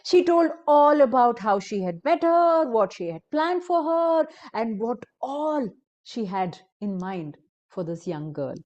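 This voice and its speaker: A woman storyteller narrating a story for adults in a deliberate, expressive way. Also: on the high side, muffled recording.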